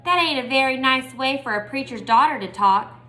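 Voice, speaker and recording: Bratty ten-year-old boy, loud and teasing, pitched up, as a woman reads him. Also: fairly quick. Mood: taunting.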